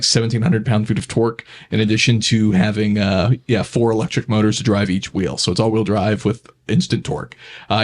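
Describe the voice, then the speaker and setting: A man with a fairly low voice co-hosting a car podcast. He explains car news and specs in an easygoing, conversational way and often stops to say "uh" or "like". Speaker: podcast co-host. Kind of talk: casual car news chat.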